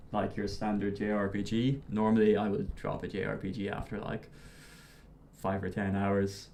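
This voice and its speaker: Low-voiced man rambling easily about games. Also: dark tone, slight background noise. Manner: easygoing, explains with fillers. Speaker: podcast guest. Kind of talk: casual group chat.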